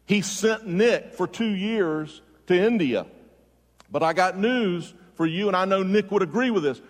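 A man's voice: high voice, lively intonation, measured pace. A man preaching a sermon as pastor, building emphasis and asking the congregation direct questions. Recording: long hall reverb.

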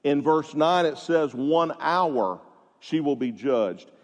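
A man preaches in a fairly high voice, stressing his points with emphatic rises and drawn-out words. His sermon rings with the long reverb of a large sanctuary. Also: animated, dull audio. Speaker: pastor.

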